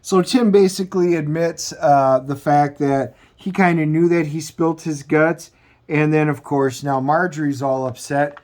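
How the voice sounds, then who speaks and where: A man with a somewhat high voice hosts a comic book review show. He recaps the plot casually, rambling along and often restarting his sentences. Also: fairly even intonation, measured pace, darkish tone. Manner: rambling, loose retelling with frequent restarts.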